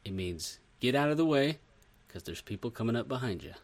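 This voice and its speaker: A man's voice: mid-range voice, expressive, brisk. A man co-hosting a podcast in casual chat, chiming in with wry remarks. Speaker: podcast co-host.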